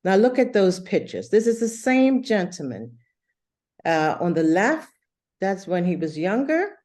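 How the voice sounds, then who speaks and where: A woman teaching an English lesson over a video call, explaining slowly and patiently with many fillers. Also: medium pitch, very animated, darkish tone.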